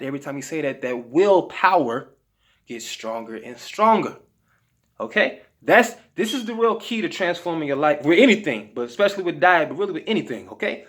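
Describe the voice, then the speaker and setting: Male health vlogger, slightly high voice, emphatic and slangy, talking straight to camera. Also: expressive, moderate pace, fairly bright tone. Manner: emphatic, slangy, repeats "okay?" to check in. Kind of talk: casual motivational talk to camera.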